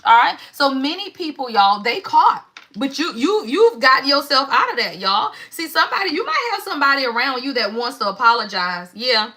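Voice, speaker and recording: A woman's voice: sits high, pushed and bright. A woman giving a live tarot reading in an emphatic, preachy call-and-response manner, swearing freely. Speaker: tarot reader.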